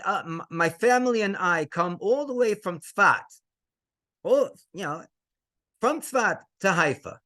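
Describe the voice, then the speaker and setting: A male rabbi telling a story in a lively way, mixing in Hebrew phrases and laughing between lines. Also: high voice. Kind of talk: storytelling to an audience.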